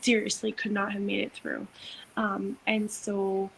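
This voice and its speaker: A young woman co-hosting a podcast, telling a personal story in a casual, animated way, acting out quotes and using lots of fillers. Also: mid-range voice, unhurried, vocal fry, a little hiss or hum, poor audio. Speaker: podcast co-host, doula.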